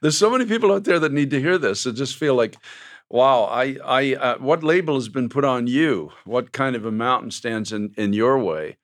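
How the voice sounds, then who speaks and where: A man's voice: medium pitch, animated, normal speed. A man hosting a faith talk show, speaking in a preacherly way and quoting scripture.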